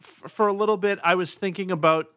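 A man's voice: sits high, fairly even intonation, quick pace, pushed and bright. A man hosting a casual podcast chat and running the game, rambling and easygoing with frequent chuckles.

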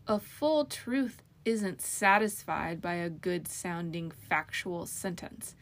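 Brief: woman doing a taunting magic mirror spirit, harsh, gravelly, sing-song whispers. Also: fairly low pitch, animated, slow. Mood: mocking. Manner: mocking, teasing, sing-song, sometimes whispered.

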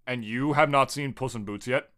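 Bright-voiced, rambling podcast man. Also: medium pitch, normal speed. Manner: rambling, profane, jokey. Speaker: podcast co-host. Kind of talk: casual chat.

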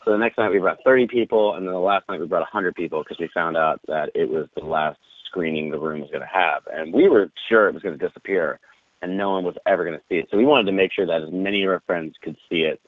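A man telling an animated, profane anecdote in casual conversation, laughing often. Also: sits low, fast talker, dry recording. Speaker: guest. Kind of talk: casual storytelling. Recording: tinny phone-like line.

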